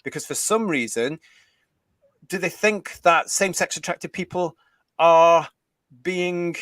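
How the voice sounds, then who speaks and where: A man's voice: fairly high pitch, takes it slowly, a bit bright, no echo. An older British man hosting a live stream, indignantly reading out chat comments. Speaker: host.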